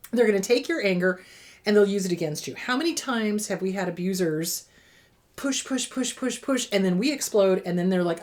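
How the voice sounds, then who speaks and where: A middle-aged woman, a therapist hosting her own show, giving emphatic advice straight to the viewer and repeating words for stress. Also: medium pitch. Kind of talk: direct-to-camera advice talk.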